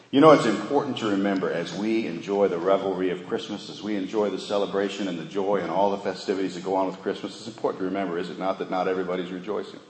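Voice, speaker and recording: A man preaching a sermon, asking rhetorical questions and repeating key phrases slowly for emphasis. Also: deep voice, slight background noise. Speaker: pastor. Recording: echoey hall with faint ambience.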